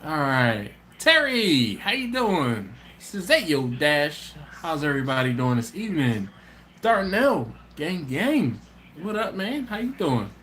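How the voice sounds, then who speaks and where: A man's voice: a little high, fairly bright tone, a little hiss or hum. A man hosting a casual live stream, reading out viewer comments in a laid-back, chatty way, often laughing and trailing off mid-sentence.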